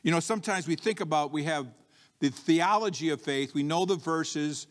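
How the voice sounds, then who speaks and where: Pastor guy preaching, kinda high voice, lots of "you know" and restarts, big echoey church sound. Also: moderate pace. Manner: storytelling, acts out bold defiant quotes with rising pitch; frequent restarts and "you know" asides, conversational. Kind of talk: sermon. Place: church sanctuary. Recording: long reverb of a church hall.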